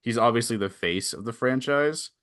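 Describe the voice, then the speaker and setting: A young man co-hosting a casual podcast chat, excitable and quick to laugh, with lots of fillers. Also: medium pitch, no room sound, studio quality. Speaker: podcast co-host.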